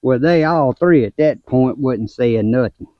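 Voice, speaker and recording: An older man with a drawl tells a folksy family story in a slow, unhurried way, with easy laughs in between. His voice sits in a middle pitch. The sound is dry and slightly muffled, like a lo-fi recording made outdoors. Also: dry recording. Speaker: gardening vlogger and grandfather. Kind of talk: casual storytelling vlog. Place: outdoors in a garden.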